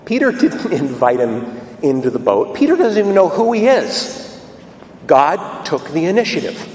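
A man's voice: a little high, very animated, normal speed, darkish tone, slight background noise. A male priest preaching a sermon in a church, emphatic and storytelling. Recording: echoey hall from a distance.

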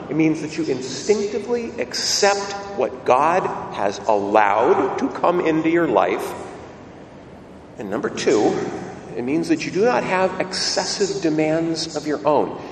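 A man preaching a sermon, telling a story in a lively way and asking his listeners questions. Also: on the high side, slight background noise. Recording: echoey hall, mic at a distance, faint ambience.

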